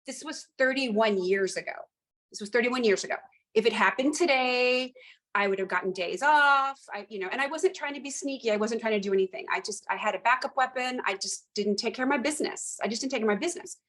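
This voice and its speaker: A woman in her fifties, a retired police lieutenant, telling stories as a guest in an animated, emphatic way and repeating phrases for effect. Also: mid-range voice. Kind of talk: conversational storytelling.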